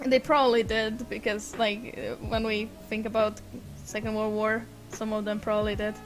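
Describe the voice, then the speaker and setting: High-voiced woman streamer. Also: little pitch movement, normal speed, over music, rough recording. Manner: hesitant, repeats words when starting. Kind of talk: casual chat on a voice call.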